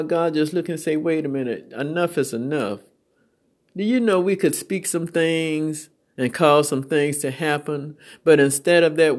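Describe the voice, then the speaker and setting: A preacher, giving a conversational sermon and acting out both sides of a dialogue. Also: medium pitch. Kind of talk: sermon with storytelling.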